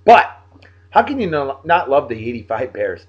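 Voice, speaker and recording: A jovial man hosts a daily video show about beer and songs, giving casual shout-outs to his viewers. His folksy, animated delivery swings widely in pitch at a moderate pace. The audio sounds somewhat dull, like a basic home recording.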